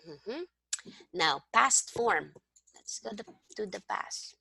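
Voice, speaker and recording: A woman's voice: medium pitch, animated, takes it slowly, gravelly, sharp tone, slight background noise. A woman teaching a one-on-one language lesson over a video call, patiently explaining step by step and prompting her student. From Philippines. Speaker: language tutor.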